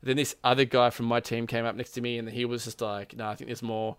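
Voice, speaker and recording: A man's voice: mid-range voice, little pitch movement, quick pace, a bit bright, clean tone, no room sound. A man telling a gaming story in casual chat, rambling with lots of "like" and frequent laughs. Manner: rambling, says "like" constantly, laughs often, acts out quotes.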